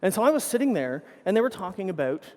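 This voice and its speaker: A man's voice: high-pitched, very animated, fast, a little mellow, big-room sound. A man giving a conference keynote, telling rambling anecdotes full of swearing and self-corrections into a stage microphone. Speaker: keynote speaker.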